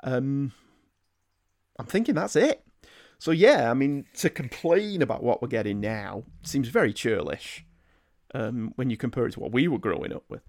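A man's voice: medium pitch, expressive, moderate pace, a little mellow, no echo, clean studio sound. A middle-aged man hosting a solo podcast, reading listener emails aloud and answering them in a chatty, rambling, self-deprecating way. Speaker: podcast host.

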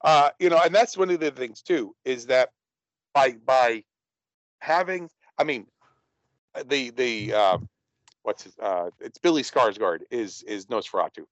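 A man's voice: medium pitch, a little slow, dry recording, poor audio. A man talking casually about horror films, rambling with many restarts. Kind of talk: casual movie discussion.

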